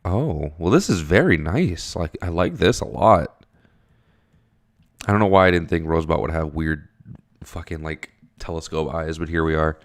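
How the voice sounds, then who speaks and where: Deep-voiced man reading and reacting. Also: moderate pace. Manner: profane, rambling, jumps high when surprised. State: tired early morning. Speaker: webcomic reader. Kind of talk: casual reading and commentary.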